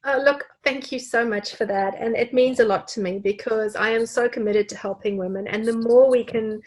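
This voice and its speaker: A woman's voice: fairly high pitch, fairly even intonation, moderate pace. A woman hosting an interview podcast from Sydney, gushing and effusive with thanks to her guest over a video call. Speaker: podcast host.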